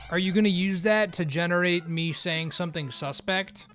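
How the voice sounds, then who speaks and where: Man streamer, slightly high voice, loose and rambly, jokey live chat, faint music under. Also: moderate pace, a bit bright. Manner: rambling, joking, often laughing at himself.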